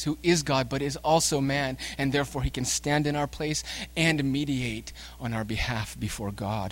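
A male preacher delivering a sermon at an everyday pitch. He drops into soft, slow stretches, then builds to loud, emphatic bursts as he calls the listeners sinners and urges them on.

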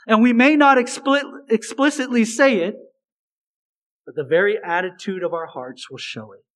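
A male preacher giving an expository sermon, swinging between raised, emphatic lines and hushed, low asides. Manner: slow, deliberate delivery.

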